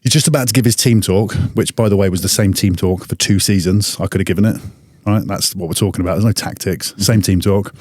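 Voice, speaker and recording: A man tells a story in a lively, salty, animated way, as a podcast guest would. His voice sits fairly low. The sound is dry and close, with no room around it. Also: quick pace, no echo. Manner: animated anecdote-teller, swears freely. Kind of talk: casual storytelling.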